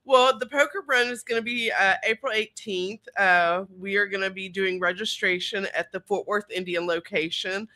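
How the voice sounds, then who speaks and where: A woman's voice: mid-range voice, moderate pace, hardly any pauses, pushed and bright. A woman in a casual panel chat, steadily listing event details with fillers. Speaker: event organizer.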